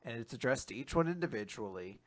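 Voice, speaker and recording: A man hosting a podcast, recapping comic chapters in loose, animated casual chat with lots of fillers and the odd swear word. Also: medium pitch. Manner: loose, animated retelling with quick voices. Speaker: podcast host.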